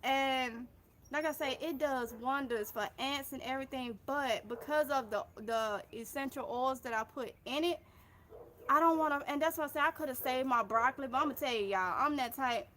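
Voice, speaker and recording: Bright high-voiced Mississippi woman. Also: moderate pace, slight background noise. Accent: Mississippi Southern US. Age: 30s. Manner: chatty and effusive, addresses viewers as y'all. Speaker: gardening livestream host. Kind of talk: casual livestream chat, reading viewer comments aloud.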